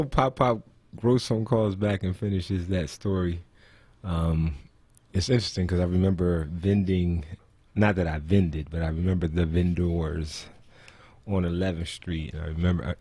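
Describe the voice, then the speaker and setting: A man hosting a radio talk show, musing out loud in a casual, reflective way. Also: low voice, breathy edge, dry recording.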